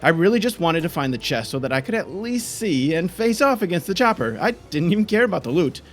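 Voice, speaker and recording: A man giving frantic live gameplay commentary, exclaiming and frustrated, later calmly narrating. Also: high-pitched, a little fast, soft background music. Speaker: gaming YouTuber.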